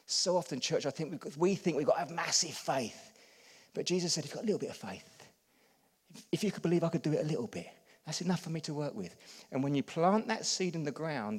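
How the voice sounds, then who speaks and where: Preacher in a reverberant hall. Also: male voice, on the high side. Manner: animated preaching, swings from hushed to loud; has the congregation repeat lines. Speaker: pastor. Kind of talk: sermon.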